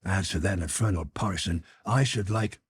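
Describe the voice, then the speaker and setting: A man voicing an excitable, hysterical man who yells and rants in a shaky voice. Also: sits low, moderate pace, a little hiss or hum, natural voice. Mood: furious. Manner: yelling, overwrought, shaky.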